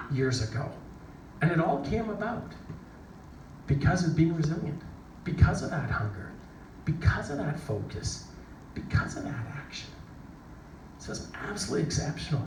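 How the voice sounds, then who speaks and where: Middle-aged guy doing a pumped-up motivational talk, voice a bit high, mic far off in a big echoey room, noisy. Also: creaky. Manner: animated storyteller, acts out voices and shouts. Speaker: motivational speaker. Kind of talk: storytelling keynote talk. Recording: echoey hall from a distance, noisy.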